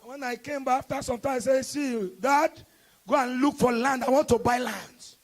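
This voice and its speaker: Nigerian male evangelist, high gravelly voice, passionate sermon that swings into shouted decrees. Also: fairly even intonation, normal speed. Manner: impassioned preaching, rising to shouted declarations. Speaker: evangelist preacher. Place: church service hall.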